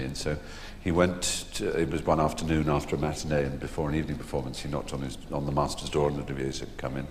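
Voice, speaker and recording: A man telling theatre anecdotes on stage before a live audience, an unhurried raconteur who pauses with ums and restarts. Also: rumbling low, slight background noise. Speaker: stage conversation guest. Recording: echoey hall with long reverb.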